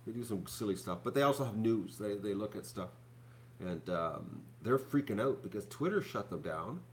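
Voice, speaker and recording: A man with a lowish, voice chats to his viewers in a loose, rambling way, stumbling over restarts and filling gaps with ums. A faint hum sits under the recording. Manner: rambling, many fillers and restarts, chatty asides to viewers. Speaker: YouTube channel host. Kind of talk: casual rambling chat to viewers.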